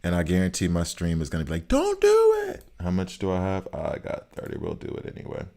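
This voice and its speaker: A man's voice: sits low, big pitch swings, fast, gravelly, mellow. A man casually chatting with his viewers as he plays a game on stream, thinking aloud about stats and choices. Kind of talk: casual live-stream commentary while playing.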